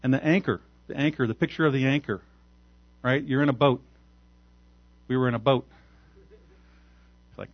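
A man pastor preaching a sermon, telling a story in an animated way and chuckling often. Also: mid-range voice, moderate pace, pauses often, no echo, muffled recording.

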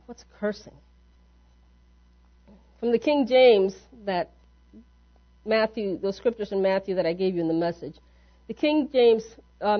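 A woman with a slightly high voice preaches a sermon, speaking conversationally and turning often to rhetorical questions. The recording is dull and muffled, as if from a low-fidelity church tape. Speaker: pastor.

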